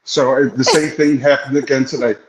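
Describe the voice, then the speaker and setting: A man's voice: medium pitch, fairly even intonation, brisk, a loud crowd. A man on a live stream panel, apologizing and cracking jokes. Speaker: panel guest. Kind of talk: casual chat. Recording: echoey, dull remote audio.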